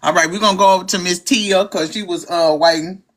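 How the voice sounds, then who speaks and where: Laid-back livestream host, bright tone. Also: mid-range voice, fairly even intonation, fairly quick. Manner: laid-back, laughs often. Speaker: live stream host. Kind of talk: casual live stream hosting.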